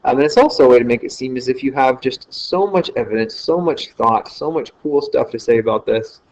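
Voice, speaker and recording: A man's voice: mid-range voice, a little fast, a little mellow. A man giving a casual screen-recorded lecture, talking loosely with fillers and correcting himself as he goes. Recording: slightly dull lo-fi screen recording.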